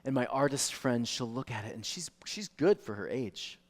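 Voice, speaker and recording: A male pastor preaching a sermon, animated storytelling that swings from soft to loud. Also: mid-range voice, normal speed. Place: church sanctuary. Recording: long reverb of a church hall.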